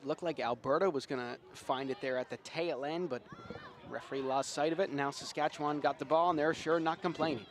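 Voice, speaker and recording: A man from Nova Scotia, Canada, giving relaxed, chatty colour commentary on a live rugby match. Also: fairly high pitch, brisk. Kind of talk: live sports analysis.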